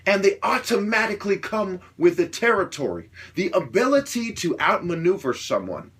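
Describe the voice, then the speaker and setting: A man delivering an opinionated monologue, lecturing with repeated rhetorical questions and swearing, growing louder and higher as he gets worked up. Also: husky. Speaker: self-styled martial artist ranting to camera.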